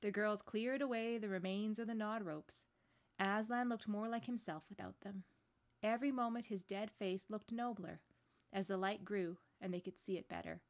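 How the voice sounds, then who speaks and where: A woman pastor reads a children's storybook aloud in a gentle, steady voice. Her pitch sits in a middle range. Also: moderate pace.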